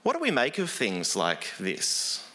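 A man's voice: mid-range voice, huge pitch swings, measured pace, bright, forceful tone. A man preaching a sermon in an earnest, conversational way, with frequent fillers.

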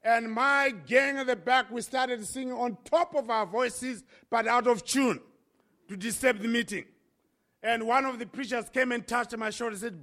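A man from Africa telling his conversion story as a sermon testimony, impassioned with dramatic pauses. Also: very high voice, fairly even intonation, bright, forceful tone. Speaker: preacher.

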